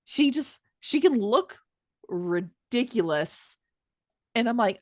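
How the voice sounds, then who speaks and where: An excitable woman in her thirties co-hosting a casual podcast chat. Her pitch swings widely as she talks, with plenty of fillers. The recording is dry and close. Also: slow pace, no echo. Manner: animated, excitable, many fillers. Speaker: podcast co-host.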